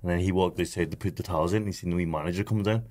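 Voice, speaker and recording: Give me a young man with a low voice, animatedly telling a sweary story on a podcast. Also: fairly even intonation, very fast, a little mellow. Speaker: podcast co-host. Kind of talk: casual chat, storytelling.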